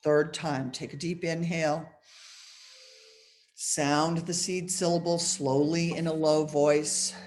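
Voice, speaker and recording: Slow, low-voiced woman guiding meditation. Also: flat delivery, slight background noise. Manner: slow, soft-spoken instructions with pauses. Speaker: meditation guide. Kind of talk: guided meditation over video call. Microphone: video call.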